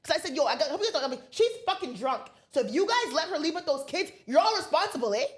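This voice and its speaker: A woman co-hosting a podcast, telling a story in a casual, animated way and acting out the people in it with plenty of swearing. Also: high-pitched, fast talker. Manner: animated storyteller, acts out quoted voices, heavy swearing. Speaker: podcast co-host.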